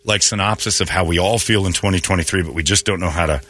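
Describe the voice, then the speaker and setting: A man's voice: low voice, fast talker, pushed and bright. A man hosting a morning radio show, ranting bluntly and joking in opinionated banter.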